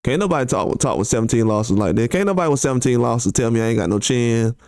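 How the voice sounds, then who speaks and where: A man running a boxing commentary channel reacts to tweets bluntly and casually, using lots of slang and rhetorical questions, his voice often leaping up in disbelief. He speaks fast and expressively at a medium pitch with a darkish tone and no echo.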